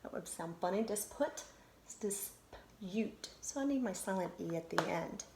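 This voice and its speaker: Woman, elementary teacher, slow deliberate phonics delivery, animated intonation, roomy recording with faint hiss. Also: mid-range voice. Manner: slow, sounding out syllables and letters. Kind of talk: phonics lesson to children on video. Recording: roomy echo, faint noise.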